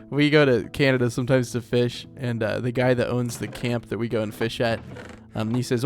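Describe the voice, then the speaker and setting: A man's voice: mid-range voice, steady tone, normal speed, faint music behind. A young man from Oklahoma with an Oklahoman accent, hosting a casual gameplay let's play in a chatty, self-deprecating, rambling way. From Oklahoma, United States.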